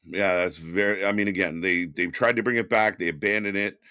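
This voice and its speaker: A man co-hosting a live wrestling watch-along, chatty and quick to laugh, firing off questions. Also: sits low, steady tone, sharp tone, clean tone, no room sound, studio quality. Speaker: co-host.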